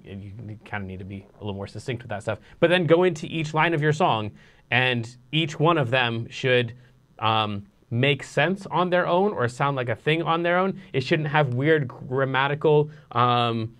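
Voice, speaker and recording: Relaxed male songwriting teacher. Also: mid-range voice. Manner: relaxed, explanatory, many fillers. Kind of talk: casual one-on-one lesson.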